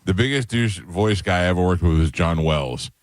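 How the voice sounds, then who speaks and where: Man, deep voice, radio co-host, blunt gossipy banter, studio mic. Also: animated, normal speed, no echo. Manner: blunt, gossipy, mimics people in stories. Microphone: studio microphone.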